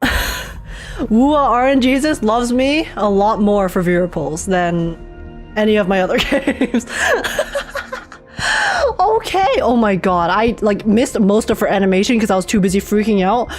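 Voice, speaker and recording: A woman streaming live, reacting excitedly to game pulls and chatting with viewers. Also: mid-range voice, a little slow, soft background music.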